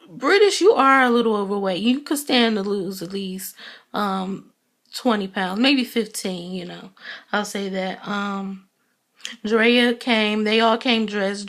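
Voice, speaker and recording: A woman's voice: medium pitch, a bit bright. A young woman giving a casual, blunt, chatty review of a TV episode, with lots of ums. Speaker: TV show reviewer.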